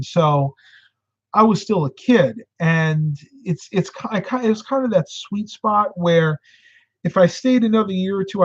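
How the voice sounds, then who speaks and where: A man's voice: sits high, no echo, lo-fi sound. A middle-aged man from upstate New York, host of a casual live stream, talking with viewers and telling stories. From upstate New York, United States. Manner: chatty, tells stories and answers viewer comments.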